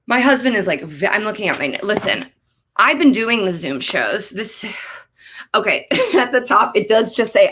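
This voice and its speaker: A woman in her thirties performs stand-up from her home office, speaking into a computer mic on a video call. Her voice is bright and sharp, and she rants, her pitch jumping way up on punchlines. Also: normal speed, husky. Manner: animated, ranting, jumps into high-pitched outbursts. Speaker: stand-up comedian. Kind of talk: stand-up comedy set over video call.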